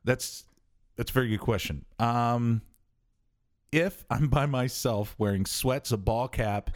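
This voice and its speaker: Man, forties, casual podcast chat, lively storyteller, jumps way up when quoting people. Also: unhurried. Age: 40s. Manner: animated storyteller, acts out quotes with big pitch jumps. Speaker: podcast co-host.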